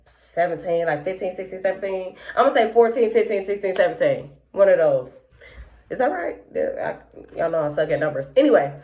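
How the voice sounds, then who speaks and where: A young woman hosting a podcast, telling a long story in a rambling, profane, animated way with heavy slang. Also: medium pitch. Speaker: podcast host. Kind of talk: casual storytelling monologue.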